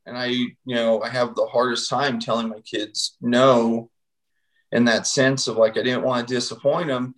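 A man in his thirties, appearing as a podcast guest, tells his personal story in a loose, rambling manner, packed with fillers like "you know" and "like." His mid-range voice is flat and moves at normal speed, captured in a low-quality recording.

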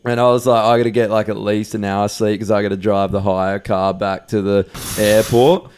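A man, a band member guesting on a beer podcast, telling a wild story in animated, profane bursts and acting out the other people's lines. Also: on the low side, moderate pace, slight background noise. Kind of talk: casual beer podcast chat.

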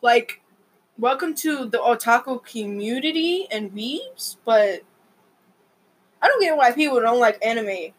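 A young woman vlogging in a rambling, excitable way, full of fillers and exclamations. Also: on the high side, a little slow, poor audio. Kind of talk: rambling casual vlog.

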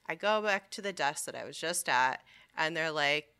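A young woman chatting casually as a podcast co-host, telling a story in an animated way, swearing freely and acting out what people said. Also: low voice, moderate pace, clear, resonant tone. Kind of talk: casual chat.

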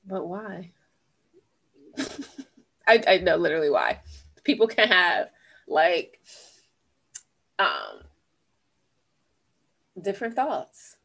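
A woman's voice: on the low side, huge pitch swings, takes it slowly, gravelly, long pauses, fairly bright tone. A woman co-hosting a podcast in casual chat, thoughtful and rambling, often questioning herself. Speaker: podcast co-host.

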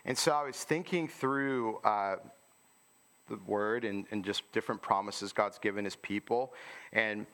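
A man's voice: fairly low pitch, steady tone, measured pace, fairly bright tone. A man preaching a sermon in an informal, conversational way, often asking listeners rhetorical questions.

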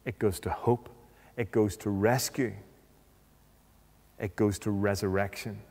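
A man preaching a sermon, speaking deliberately and posing rhetorical questions. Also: lowish voice, steady tone, darkish tone. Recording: long reverb of a hall.

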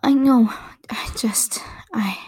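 A woman's voice: on the high side, slow pace, a little mellow, husky. A woman voicing a frightened young woman who speaks shakily and breathlessly, often half-whispered.

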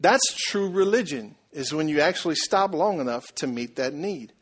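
A male pastor delivers a sermon. He mixes storytelling with quick questions to the room, animated and conversational. His voice sits slightly high for a man. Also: slightly rough.

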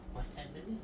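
A man at home coos to his cats in drawn-out baby-talk, meowing back at them. He speaks very slowly. The mic is far off and loud noise fills the background. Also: roomy sound. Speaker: podcast host. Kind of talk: casual talk to pets.

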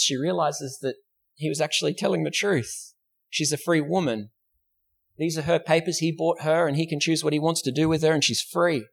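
An Australian man preaches in a church, his voice pitched a little above the usual male range. He tells the story with drama, slips into the voices of the people in it, and keeps putting questions to his listeners. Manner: asks rhetorical questions. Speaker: pastor. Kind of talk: sermon.

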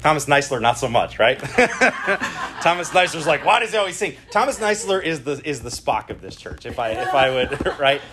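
A man's voice: medium pitch, very animated, normal speed, background noise. A middle-aged man preaching a conversational sermon at a church service, often checking in with the congregation. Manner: chatty, keeps checking in with the congregation. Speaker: pastor.

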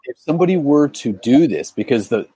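Male interviewer, measured and thoughtful; low, husky voice in a dry room. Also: big pitch swings, mellow, no room sound. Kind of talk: interview questions.

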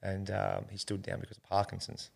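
This is an Australian man in a casual interview, his voice sitting very low with a rough, gravelly edge. He tells a long personal story in an earnest, rambling way, often calling the host mate. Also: completely flat delivery, brisk. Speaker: interview guest.

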